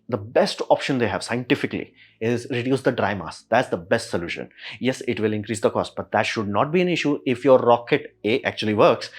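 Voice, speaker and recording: Slangy, animated man explaining rockets. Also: mid-range voice. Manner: slangy and animated, acting out quoted reactions. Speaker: YouTube tech explainer. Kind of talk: casual spoken explainer.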